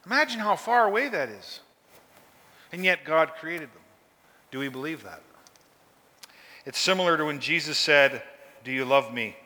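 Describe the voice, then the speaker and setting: Folksy pastor with a bright voice. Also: male voice, on the high side, long reverb tail. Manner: conversational, folksy, asks the listeners questions. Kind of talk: sermon.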